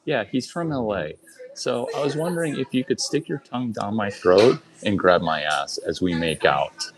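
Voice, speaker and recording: A low-voiced man works a comedy club stage with crude, boastful storytelling. His delivery swings widely in pitch, and he keeps turning to the audience mid-story. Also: animated, moderate pace, low-quality recording. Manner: crude, boastful, rambling, talks to the crowd. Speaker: open-mic performer. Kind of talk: stand-up storytelling.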